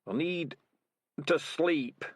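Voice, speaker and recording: A man voicing a dying old male rat leader, speaking faintly, breathily and slowly. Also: a little high, dry recording, pitched above the performer's own voice. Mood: weak, fading.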